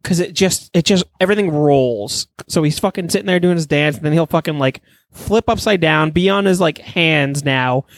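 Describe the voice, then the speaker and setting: A man's voice: a little high, normal speed, no echo. A man on a casual gaming podcast, talking in an enthusiastic, rambling, profane way. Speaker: podcast co-host.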